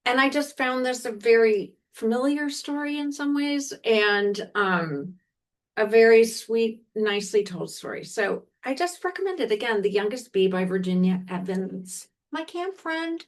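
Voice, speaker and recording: A woman's voice: fairly high pitch, measured pace. A woman from Washington, D.C., co-hosting a podcast, chatting casually about books in a rambling way with frequent self-corrections. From Washington, D.C., United States. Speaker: podcast co-host recommending books. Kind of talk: casual chat.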